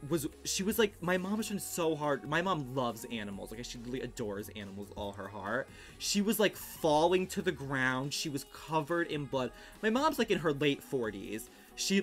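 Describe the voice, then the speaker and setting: A young man telling a story casually on his livestream at home, in a rapid, animated, filler-heavy way with swearing. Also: mid-range voice.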